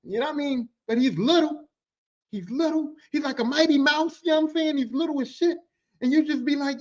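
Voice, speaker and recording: A man's voice: extremely high pitch, expressive, fairly quick, muffled recording. A man telling rowdy work stories on a podcast, casual and profane, often breaking into quoted voices. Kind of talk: casual storytelling.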